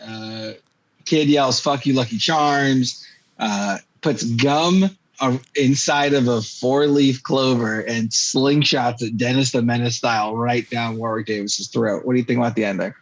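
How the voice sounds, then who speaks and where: A man's voice: mid-range voice, fairly even intonation, unhurried, dull audio. A man hosting a podcast, rambling through a casual movie-review chat with lots of fillers and jokes. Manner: rambling, filler-heavy, jokey. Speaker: podcast host.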